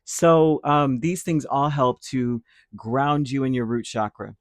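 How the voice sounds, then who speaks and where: A man talks through a spiritual reading in a casual, meandering way, often correcting himself and tossing in little check-ins. His voice sits at an everyday middle pitch, recorded close and dry with no room sound. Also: takes it slowly, no echo. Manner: rambling, self-correcting, tags lines with "right?". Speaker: tarot reader.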